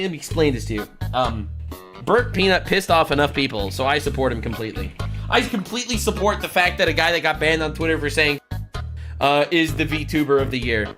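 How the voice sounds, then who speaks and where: A man streaming live, reacting to clips with animated, mock-outraged casual talk. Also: fairly high pitch. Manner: animated, swears, exaggerated outrage.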